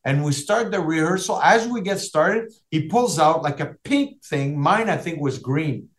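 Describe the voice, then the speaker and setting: A man whose first language is French, a podcast guest telling rambling, animated anecdotes. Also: fairly high pitch, moderate pace. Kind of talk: casual storytelling.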